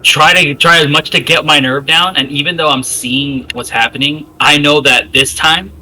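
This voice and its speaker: A man's voice: on the high side, fairly even intonation, moderate pace, sharp tone, a little hiss or hum, rough recording. A man playing a tabletop role-playing game, hesitantly describing what his character does. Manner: hesitant, with restarts. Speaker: player. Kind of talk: casual chat in a tabletop game.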